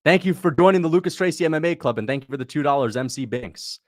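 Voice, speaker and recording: A man hosting a casual livestream, reacting to a fight as it happens and talking to his chat, breaking into excited shouts at big moments. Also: fairly high pitch, quick pace. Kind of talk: casual live commentary.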